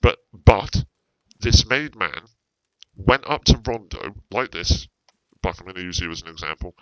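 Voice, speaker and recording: A man's voice: deep voice, lively intonation, a little slow, fairly bright tone, dry recording, highs cut off. A man talking in character during a roleplay stream, rambling, repeating himself and swearing freely.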